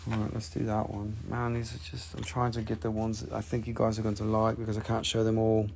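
Gravelly man hosting a live sales stream. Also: fairly low pitch, brisk, slight background noise. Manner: chatty, profane, excitable salesman talk. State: voice getting scratchy from hours of talking. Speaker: host selling rocks and gems on a live stream.

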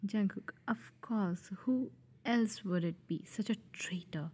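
A woman's voice: mid-range voice, slow, a little mellow, slightly rough. A woman voicing a cold, possessive young male mafia heir in a fan audio drama, speaking in a teasing, often whispery tone.

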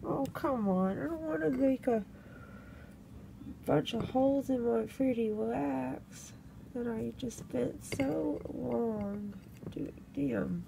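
A woman's voice: fairly high pitch, slow pace, creaky, noisy background. A young woman, chatting casually at home into a phone camera while she thinks aloud. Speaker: vlogger reviewing a candle. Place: home room.

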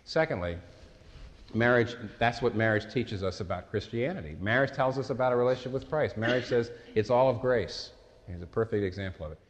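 A man delivers a sermon in a loose, conversational way, telling stories and often circling back to restart a phrase. His voice sits at an ordinary middle pitch. The recording carries a long hall reverb. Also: brisk. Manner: conversational, anecdotal preaching with frequent restarts. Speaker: pastor.

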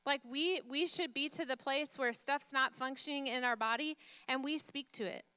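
A woman pastor preaching a sermon, emphatic, repeating phrases and asking the congregation questions, dropping to a soft hush when she retells a story. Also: sits high, moderate pace, no echo.

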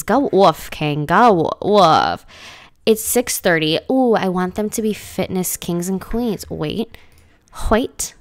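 A woman's voice: fairly low pitch, dry recording. A woman giving casual, dramatic commentary as she plays a life-sim game, full of slangy exclamations. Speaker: gaming let's-play host.

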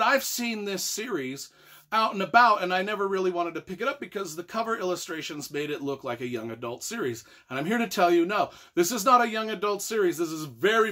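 Middle-aged man, author-reviewer, exasperated and emphatic rant, high and swooping, bright edge. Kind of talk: ranting book review video.

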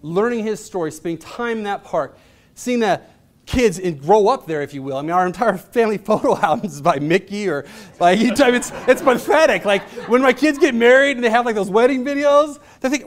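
High-voiced animated male storyteller. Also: a little fast. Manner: animated, acts out voices in his stories; casual, chatty delivery with fillers. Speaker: motivational speaker. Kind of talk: storytelling presentation.

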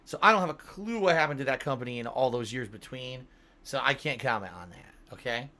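A man's voice: mid-range voice, expressive, fairly quick, bright, forceful tone. Tired-sounding man chatting on a livestream. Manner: rambling, swears casually, reads donor messages aloud. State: yawning, tired. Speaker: streamer. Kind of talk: casual livestream chat.

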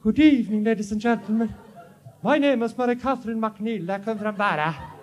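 A man putting on the voice of a prim young married woman from the Scottish islands with a Highland lilt, earnestly presenting a soap advert in a stand-up act. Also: brisk, close to an everyday voice. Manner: earnest, proper, announcing. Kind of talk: stand-up comedy impression. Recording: live show with audience laughter.

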